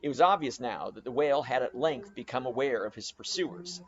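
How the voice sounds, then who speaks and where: A man reading a classic novel aloud as a dramatic audiobook narration with expressive, varied delivery. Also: medium pitch, a little fast, husky, lo-fi sound. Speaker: audiobook reader.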